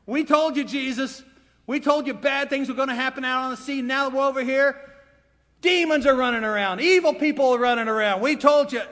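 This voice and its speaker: A man's voice: very high voice, a little fast, a bit bright, pitched above the performer's own voice. A man voicing a group of exasperated male disciples who grumble and complain in a whiny tone. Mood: told-you-so. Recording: long hall reverb.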